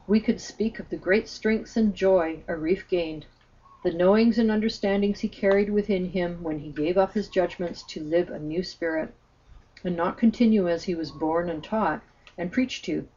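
A woman narrating a spiritual story in a gentle, earnest way, on a slightly muffled recording. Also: lowish voice, normal speed.

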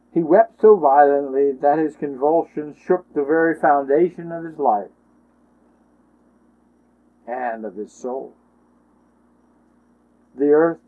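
Slow emotive male storyteller, tinny line. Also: mid-range voice. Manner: emotive, with many ohs and wells. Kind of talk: dramatic spoken storytelling. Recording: tinny phone-line sound.

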